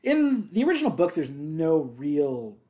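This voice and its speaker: A man's voice: a little high, big pitch swings, measured pace, warm tone. A man co-hosting a podcast, talking casually and enthusiastically about a film, laughing often and swearing freely. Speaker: podcast co-host.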